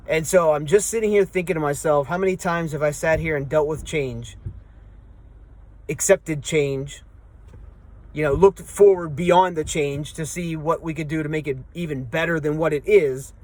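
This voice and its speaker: Guy from southwestern PA with that accent, kinda high voice, rambling and frustrated vlog talk, car noise behind. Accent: Southwestern Pennsylvania. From Southwestern Pennsylvania. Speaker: vlogger. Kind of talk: casual monologue to viewers.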